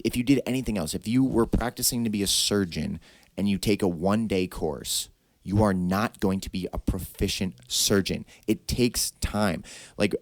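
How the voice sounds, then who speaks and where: Deep-voiced blunt man lecturing. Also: no room sound. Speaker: podcast host and martial arts instructor. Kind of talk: casual podcast talk.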